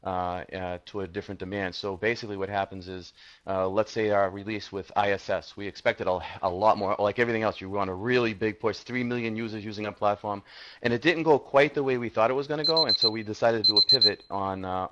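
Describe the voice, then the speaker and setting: Man, very low voice, startup founder, halting with lots of fillers, muffled lo-fi video call audio. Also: steady tone, bright, forceful tone. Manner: halting, many fillers and restarts. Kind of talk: answering questions on a video call.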